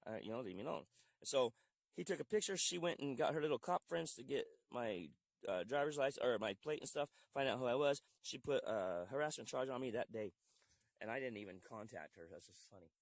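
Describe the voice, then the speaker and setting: Fast-talking frustrated veteran man on a call. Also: mid-range voice, expressive, no echo. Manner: frustrated storytelling, many restarts and quoted dialogue. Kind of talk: recorded phone call. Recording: faint quiet voice over phone.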